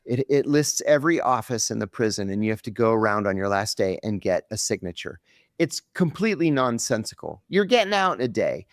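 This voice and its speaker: A middle-aged man, a podcast guest, telling a story with lively acted-out quotes on a close mic. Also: fairly low pitch, a little fast, dry recording.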